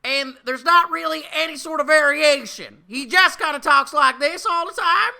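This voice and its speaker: This is a relentlessly cheery little boy, as a man mimics him in a high, bright voice. Every line comes out in the same sing-song, one-note positivity. It plays as a mocking cartoon impression, loud and pushed. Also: normal speed, creaky, full character voice. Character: relentlessly upbeat young boy, flat cheery delivery.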